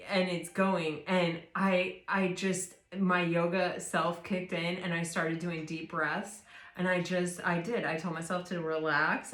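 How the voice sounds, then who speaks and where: A woman giving a tarot reading as a casual spiritual chat, rambling with many fillers and restarts in a soft, reassuring way. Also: lowish voice. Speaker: tarot reader. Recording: roomy echo.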